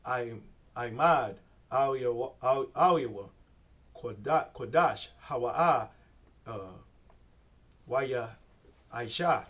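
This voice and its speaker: A man slowly reading scripture aloud in a church class, sounding out each word with hesitant restarts. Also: mid-range voice, fairly bright tone, far from the mic. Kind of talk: halting read-aloud of scripture.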